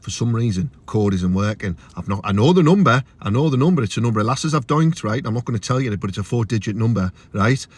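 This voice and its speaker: A young man with a Teesside accent delivering a crude, swearing comic rant to camera, his voice jumping high when he gets outraged. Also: animated, fast talker, few pauses, slightly rough. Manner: crude, ranting, swears freely, big pitch jumps when outraged. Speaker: comedian.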